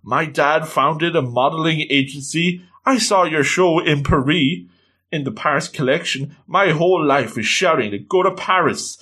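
A man voicing a stubborn, upbeat young woman model in a comic recap, pitching his voice up a little for her lines. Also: normal speed, bright, forceful tone, slightly rough. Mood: determined.

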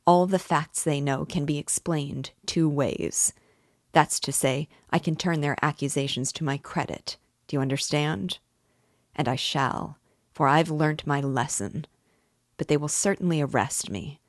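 A bitter, defiant young man who broods over every word, low and unhurried. A woman reader gives him voice in her own even reading tone, close to a dry mic. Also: no room sound. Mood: grim insistent.

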